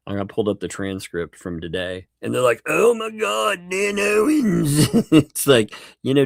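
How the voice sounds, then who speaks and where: A man's voice: on the low side, no echo, studio quality. A man hosting a casual livestream, joking in a mock-dramatic way, laughing often and thanking viewers for their chat messages. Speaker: livestream host.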